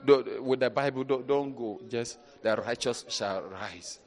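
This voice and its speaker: A man preaches a lively sermon as a bishop, calling out hallelujahs and acting out his congregation's voices. His pitch sits mid-range, but he shifts from hushed asides to laughing shouts. A long reverb trails every line in the hall. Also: a little slow. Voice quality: animated, rising to shouts and laughter. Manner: preaching with call-outs and acted quotes.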